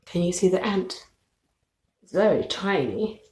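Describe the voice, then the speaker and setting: A woman's voice: lowish voice, expressive, a little slow, warm tone. A woman reading a children's picture book aloud, patiently naming animals, asking questions and counting with the child. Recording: echoey room.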